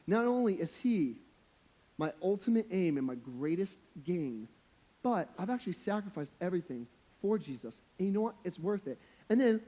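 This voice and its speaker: A man's voice: high voice, dark tone. A young adult man preaching a sermon as a pastor, in a casual, slangy, conversational way with humorous, emphatic points.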